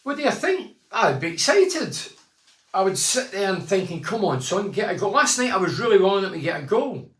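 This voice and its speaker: A man in his sixties with a slightly high voice, chatting casually as a phone-in host. He reads out fans' messages and drifts into long stories. The room is echoey. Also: very animated, normal speed, a bit bright. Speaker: phone-in show host and former footballer.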